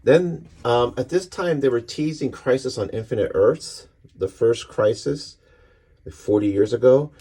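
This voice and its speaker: A man casually walking through a comic issue page by page, talking in a relaxed, rambling way with many fillers. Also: medium pitch, unhurried, slightly rough. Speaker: comic book reviewer.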